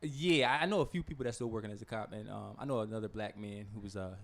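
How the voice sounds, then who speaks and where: A man's voice: fairly low pitch, fast, gravelly. A young man in his twenties, a podcast co-host, speaking thoughtfully with many fillers in a casual discussion. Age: 20s.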